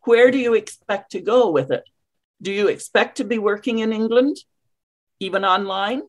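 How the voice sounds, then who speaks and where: A woman's voice: medium pitch, moderate pace. Emphatic coaching woman. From Canada. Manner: emphatic, coaching, rhetorical questions. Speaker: English coach. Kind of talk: interview answers, teaching.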